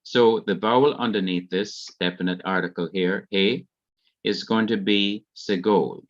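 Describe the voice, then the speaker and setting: Slow, low-voiced Jamaican man teaching. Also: steady tone, muffled recording. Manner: slow, careful explanation of grammar rules. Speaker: Hebrew teacher. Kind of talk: online revision lecture.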